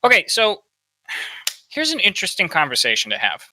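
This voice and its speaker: A man's voice: high voice, huge pitch swings, brisk, pushed and bright, poor audio. A man hosting a podcast, giving opinionated political commentary and asking "right?" often. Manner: opinionated, peppers talk with "right?". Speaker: podcast host.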